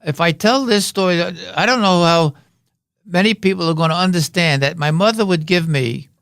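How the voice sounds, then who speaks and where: A man's voice: sits high, moderate pace, fairly bright tone, smooth, no room sound, clean studio sound. An older man, a guest on a podcast, telling rambling anecdotes and jokes in a casual way. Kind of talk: casual storytelling. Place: podcast studio.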